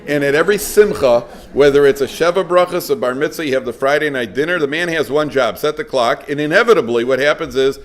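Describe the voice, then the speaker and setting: A middle-aged man, a rabbi lecturing a live audience, telling stories lively and acting out dialogue. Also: a little high, fast talker, few pauses.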